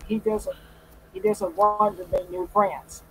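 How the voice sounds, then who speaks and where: A man's voice: high-pitched, flat delivery, slow, a bit bright, slight background noise, low-quality recording. A man talking casually in his own video, stuttering and repeating his words. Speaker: YouTuber in a played clip. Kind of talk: casual vlog talk.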